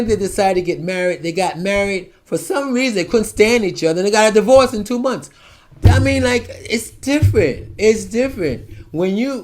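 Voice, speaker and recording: A man in his seventies giving a rambling monologue to camera, ranting and digressive, with sudden swings from soft asides to loud outbursts. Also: high voice. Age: 70s. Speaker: vlogger.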